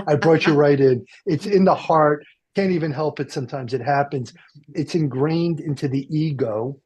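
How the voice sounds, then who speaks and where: Husky guy, kinda high voice, rambling radio host cracking jokes, lots of ums and restarts. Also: moderate pace, darkish tone. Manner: rambling, joking, many fillers and restarts. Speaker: radio talk show host. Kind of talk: casual chat. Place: car dealership.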